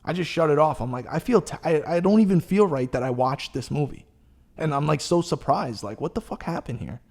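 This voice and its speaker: A male podcast host with a voice pitched a little higher than most men's. He talks in loose, casual chat, rambling through his story with plenty of swearing and lively, animated delivery. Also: fairly quick.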